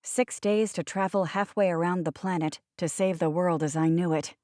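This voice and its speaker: A woman's voice: fairly low pitch, fairly even intonation, moderate pace, darkish tone, dry recording. A woman narrating a first-person audiobook with wry, sardonic asides, recorded on a close studio mic.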